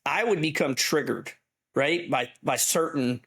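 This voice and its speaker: A man co-hosting a podcast, a softball coach talking bluntly and with emphasis, swearing casually. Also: on the high side, measured pace, slightly rough.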